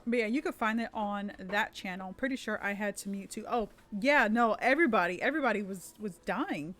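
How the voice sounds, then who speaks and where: A woman's voice: mid-range voice, a little fast, fairly bright tone. Chatty woman rambling about tabletop rules. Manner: chatty, rambling, with many fillers and restarts. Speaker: streamer and dungeon master. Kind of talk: casual live-stream chat about tabletop rules.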